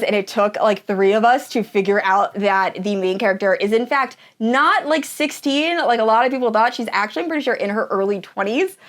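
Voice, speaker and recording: A woman reviewing books in a casual chat, gushing and enthusiastic, with lots of fillers. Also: medium pitch. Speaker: book reviewer. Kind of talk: casual tier-ranking chat.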